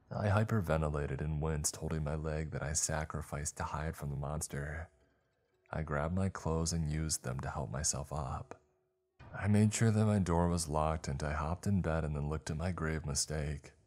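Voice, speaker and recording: A man's voice: rumbling low, a little mellow. A man narrating a first-person horror story in a dramatic, scripted storytelling manner.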